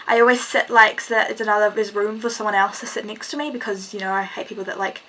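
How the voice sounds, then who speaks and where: A woman's voice: mid-range voice, steady tone, fast, fairly bright tone, a little hiss or hum, rough recording. A teenage girl with a New Zealand accent, chatty and rambling as she tells a story to her vlog viewers. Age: teens. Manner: chatty, rambling, lots of "like" and "and stuff". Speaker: vlogger.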